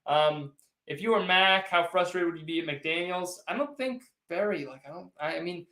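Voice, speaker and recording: A high-pitched man with a bright, forceful tone speaks at normal speed while hosting a casual postgame sports livestream. In an echoey room, he rambles, teases, and replies directly to chat.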